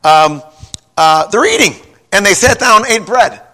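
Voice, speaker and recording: A middle-aged pastor with a high-pitched voice and lively intonation preaches unhurriedly in a folksy style. He rambles through a personal story, repeats words, and rises to a shout once stirred.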